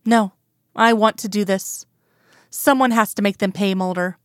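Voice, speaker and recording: A woman's voice: medium pitch, fairly even intonation, moderate pace, smooth, dry recording, clean studio sound, natural voice. A woman voicing Scully, a determined female FBI agent who speaks firmly and directly.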